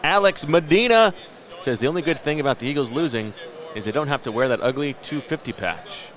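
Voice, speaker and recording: Male podcast host, late 30s, ordinary mid-range pitch, self-mocking rambling storyteller. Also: fast, a crowd in the background. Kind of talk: casual chat.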